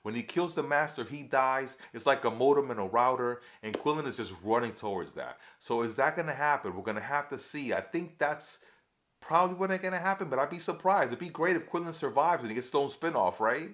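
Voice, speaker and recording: Male TV recap host, mid-pitched, excitable and chatty, talks straight to the viewers as y'all. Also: fairly quick. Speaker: TV episode reviewer. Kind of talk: casual recap chat.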